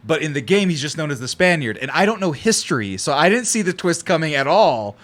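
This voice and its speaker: A man co-hosting a podcast, telling stories in casual chat with lively swearing. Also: on the high side, brisk. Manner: animated storytelling with swearing. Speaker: podcast co-host.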